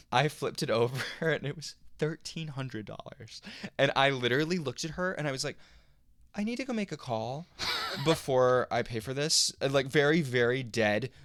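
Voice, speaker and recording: A young man co-hosting a podcast, telling a personal story in an animated, halting way with lots of fillers. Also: mid-range voice, no echo, studio quality. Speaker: podcast co-host. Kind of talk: casual storytelling chat.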